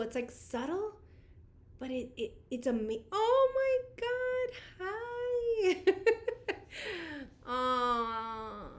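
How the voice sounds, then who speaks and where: A beauty vlogger in her thirties chats casually on a livestream, greeting her viewers and laughing often. Her voice is high.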